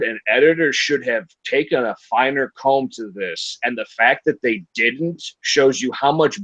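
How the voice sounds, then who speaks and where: A man's voice: mid-range voice, no echo. Male host, casual, blunt and profane, dry muffled stream audio. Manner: blunt, profane, animated, acts out quotes. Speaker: podcast host reviewing a film. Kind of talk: casual livestream discussion. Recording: dry, dull lo-fi livestream audio.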